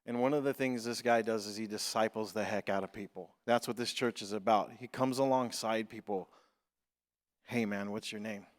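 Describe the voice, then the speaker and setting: A man, a pastor, giving an informal, joking introduction at church, halting with lots of fillers. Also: fairly low pitch. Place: church sanctuary. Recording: long hall reverb.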